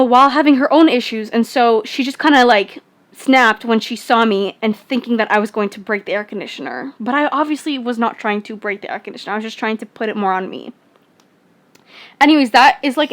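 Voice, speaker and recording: A young woman vlogger rambling casually through a personal story, full of fillers and restarts. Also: a little high.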